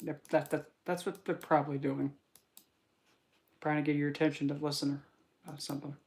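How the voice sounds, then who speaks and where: A young man, a spiritual reader, chatting casually on a livestream and telling rambling, animated stories with many fillers. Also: a little high, brisk.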